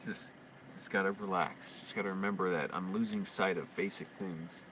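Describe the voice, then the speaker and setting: Low-ish guy muttering anxiously on a late night livestream, kinda far from the mic, loud hum in the background. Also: fairly even intonation, moderate pace. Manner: quiet, anxious self-talk with frequent restarts. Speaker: live streamer. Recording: distant mic with constant hum.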